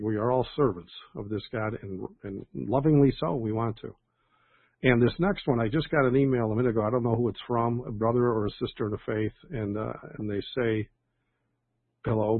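Older male pastor, husky and gravelly, rambling chat over a dry phone line. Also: lowish voice, no echo. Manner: rambling, chatty, with many fillers and restarts. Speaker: pastor leading an online prayer call. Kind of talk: casual reading and comment on praise reports.

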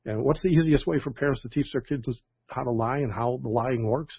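Older male pastor, husky and gravelly, rambling chat over a dry phone line. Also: mid-range voice, fairly quick, no echo. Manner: rambling, chatty, with many fillers and restarts. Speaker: pastor leading an online prayer call. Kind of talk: casual reading and comment on praise reports.

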